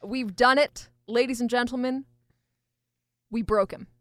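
A woman's voice: on the high side, steady tone, measured pace, no echo, studio quality. A woman co-hosting a casual chat, effusive and laughing, stammering as she agonizes over choices. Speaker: podcast co-host.

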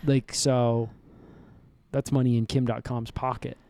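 A man co-hosting a comedy podcast, rambling through an absurd improvised recap with a deadpan delivery. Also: mid-range voice, unhurried, gravelly. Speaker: podcast co-host.

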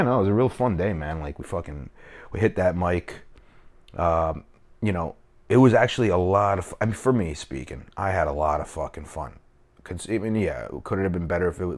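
Man, very low voice, casual solo podcast, rambling, swears a lot, self-mocking. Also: darkish tone. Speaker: comedian and podcast host. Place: home kitchen.

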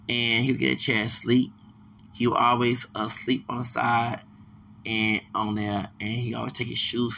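A man's voice: mid-range voice, vocal fry, bright, forceful tone, slight background noise. A man, talking in a digressive, repetitive podcast monologue full of stumbling restarts.

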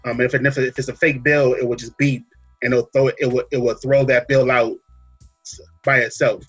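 Husky-voiced male podcast host, easygoing storyteller, light music under. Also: mid-range voice, moderate pace. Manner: relaxed storytelling, many fillers and "you know what I'm saying". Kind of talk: casual chat.

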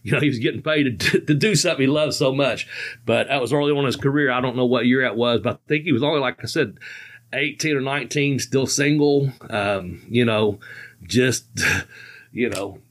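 A man's voice: medium pitch, normal speed. A man in his fifties telling road stories in casual talk, rambling and laughing often, with loose colloquial grammar. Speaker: podcast host telling stories. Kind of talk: casual storytelling chat.

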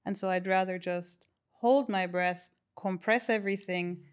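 Female guest expert, calm, measured delivery, mid-range voice. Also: mid-range voice, smooth. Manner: calm, measured, unhurried explaining. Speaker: bodywork practitioner, podcast guest. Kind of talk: reflective interview talk.

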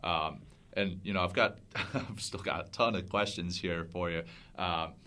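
A man's voice: low voice, steady tone, measured pace, pushed and bright. A man hosting a mental health podcast, asking long, rambling questions full of fillers. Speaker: podcast host. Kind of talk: casual interview questions.

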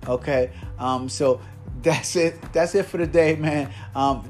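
A man's voice: a little high, steady tone, measured pace, a little mellow, faint music behind. A man hosting a motivational podcast, talking in an earnest coaching tone and checking in with "right?" and "guys" as he goes.

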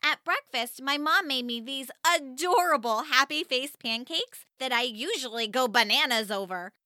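Bright, animated woman reading a children's story. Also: moderate pace, no room sound, clean studio sound. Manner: highly expressive, animated storytelling. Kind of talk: first-person children's story narration.

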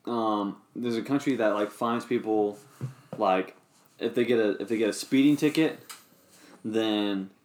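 A man with a somewhat low voice speaks in an easygoing conversation among friends. He hesitates often and fills his pauses with ums and likes, then works his way to the point. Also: darkish tone. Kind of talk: casual chat.

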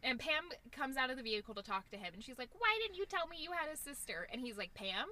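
A young woman co-hosting a casual TV recap podcast, animated, acting out characters' lines and swearing freely. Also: high-pitched, quick pace, rough recording. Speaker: podcast co-host.

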